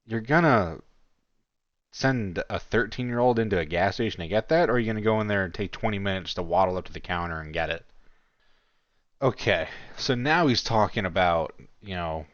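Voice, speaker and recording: A man's voice: on the low side, moderate pace, dry recording, muffled recording. A man giving casual commentary on a chat log, mocking and incredulous, and swearing freely.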